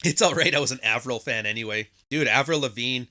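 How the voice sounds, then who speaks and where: A man's voice: mid-range voice, fast talker, pushed and bright. A man hosting a podcast, talking casually in a profane, sarcastic monologue, often mimicking people mockingly. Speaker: podcast host.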